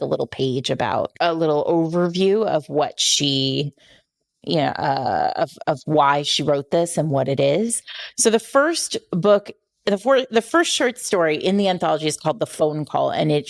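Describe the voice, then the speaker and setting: A woman's voice: low voice, gravelly. A woman co-hosting a podcast, chatting casually about books and retelling a story with frequent self-corrections. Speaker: podcast co-host. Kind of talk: casual book-discussion chat.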